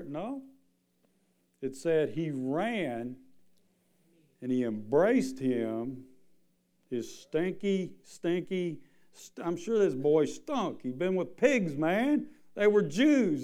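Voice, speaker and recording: A man's voice: fairly high pitch, big pitch swings, slow pace, mellow. A man preaching a sermon, reading scripture and then building to an impassioned appeal. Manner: reads scripture, then preaches with rising intensity.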